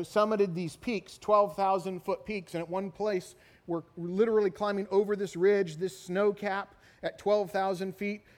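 A middle-aged man preaching a sermon, telling stories in an animated way and often asking "right?". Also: high voice. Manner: animated storytelling, repeated "right?" tags. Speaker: pastor. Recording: long hall reverb.

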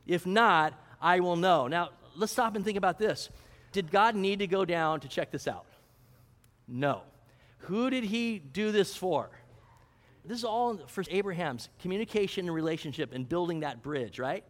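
A man's voice: sits high, animated, normal speed, long reverb tail. A man preaching a sermon to a congregation, teaching from the text and asking them questions. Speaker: pastor.

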